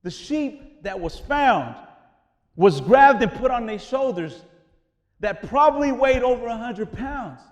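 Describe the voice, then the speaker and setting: High-voiced preacher man in an echoing hall. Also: unhurried. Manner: animated, conversational preaching with casual slang. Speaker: pastor. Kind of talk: sermon.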